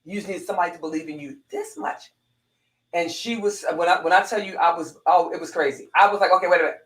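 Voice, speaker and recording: A woman's voice: lowish voice, quick pace, roomy sound, low-quality recording. A woman, a former police corporal, telling a heartfelt personal story with lots of restarts and repeats.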